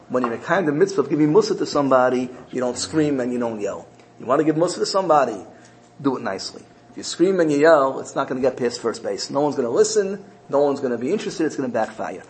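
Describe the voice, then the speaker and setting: A man teaches Torah through stories in a mid-range voice, and the poor-quality recording carries a slight hiss or hum. His delivery is earnest and lively, sprinkled with Hebrew terms.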